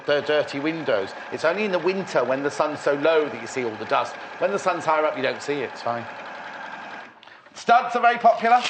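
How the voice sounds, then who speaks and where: A man's voice: on the high side, background noise. A man from Northwest England hosting a live sewing shopping show, chatty and teasing as he reads out viewer messages. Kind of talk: live studio chat.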